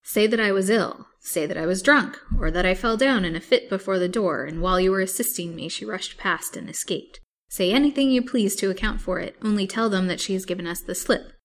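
A woman's voice: medium pitch, a little fast, close to an everyday voice. Woman voicing a blustering old man. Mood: scornful. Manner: loud, scolding, contemptuous.

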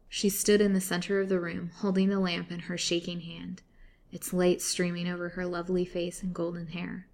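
Gravelly-voiced woman reading a gothic tale. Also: fairly low pitch, a little mellow. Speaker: storyteller. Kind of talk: reading a gothic novel aloud.

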